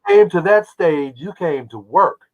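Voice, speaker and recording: A man in his seventies from Oklahoma, a guest who tells animated stories and acts out the voices of people he quotes. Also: sits high, unhurried. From Oklahoma, United States. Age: 70s. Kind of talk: casual interview storytelling. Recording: dull lo-fi audio.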